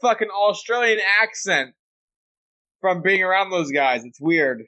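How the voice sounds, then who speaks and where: A man's voice: high voice, animated, a little slow, bright, forceful tone, highs cut off. A man hosting a podcast over a video call, joking and swearing freely in loose casual chat. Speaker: podcast host.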